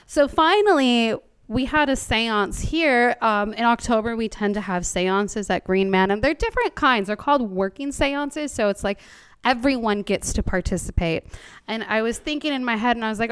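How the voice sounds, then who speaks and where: Smooth-voiced woman telling ghost stories. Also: fairly high pitch, brisk. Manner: animated, swearing and laughing freely. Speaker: paranormal group leader. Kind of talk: casual storytelling to a group. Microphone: handheld microphone.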